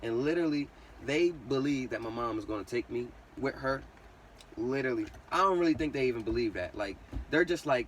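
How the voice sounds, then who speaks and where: A man's voice: medium pitch, expressive, brisk, fairly bright tone, recorded from a distance, slight background noise. A young man casually telling a personal story, full of slang and swearing, who says literally constantly. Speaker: vlogger.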